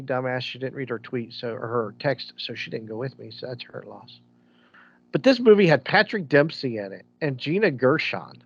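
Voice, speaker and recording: This male podcast co-host has a husky, medium-pitched voice with vocal fry. He rambles casually through stories, restarting many times, on a dull lo-fi recording.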